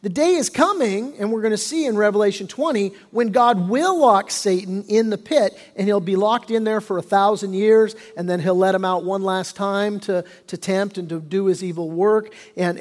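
A man's voice: high-pitched, moderate pace. A man preaching a sermon as pastor. He explains things conversationally and often restarts his sentences. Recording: long reverb of a large hall.

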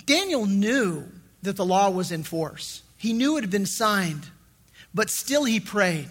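A middle-aged man preaching a sermon as pastor, in a lively conversational way with frequent restarts. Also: sits high, slow, slightly rough.

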